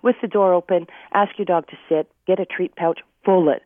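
Brisk woman dog trainer over a phone line. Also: on the low side, no echo. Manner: energetic, acts out owners and dogs in quick voices. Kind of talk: radio call-in advice. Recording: dry phone-line sound.

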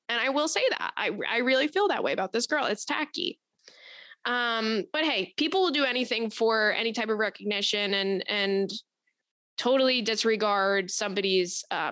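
A young woman hosts a podcast, telling stories in casual chat that's blunt, profane and full of energy. Her voice is medium-pitched with a fairly bright tone, and there's no room sound.

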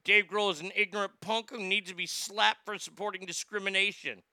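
A man's voice: high voice, fairly even intonation, fairly quick, pushed and bright, clean tone, no room sound, studio quality. A male comedy host rambling through the news in a profane, sarcastic rant, often stammering and restarting.

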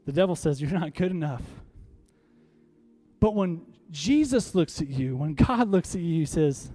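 A pastor preaches a sermon in a mellow, slightly high voice that swings widely in pitch at a normal speed. He leads the congregation in call-and-response, building to emphatic, rallying peaks, with faint music in the background.

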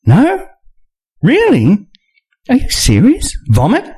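A man voicing a shy, sweet young woman who talks in hushed, shocked whispers. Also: fairly high pitch, huge pitch swings, takes it slowly, slightly rough, pitched above the performer's own voice, heavily acted.

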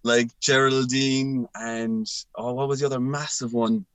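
Brief: male guest from Ireland, lively jokey banter, mid pitch, very dry recording. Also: no echo. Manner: animated, jokey, quick bursts of exclamation. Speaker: podcast guest. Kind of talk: casual chat.

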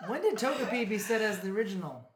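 Stammering man, lively pitch, noisy echo. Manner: stammering, drops to near whisper. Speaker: podcast co-host. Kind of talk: casual group chat.

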